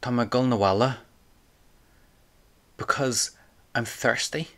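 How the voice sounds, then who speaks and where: A man's voice: mid-range voice, fairly even intonation, takes it slowly, fairly bright tone. A man teaching an audio language lesson, patiently prompting the listener and repeating phrases for them to say back.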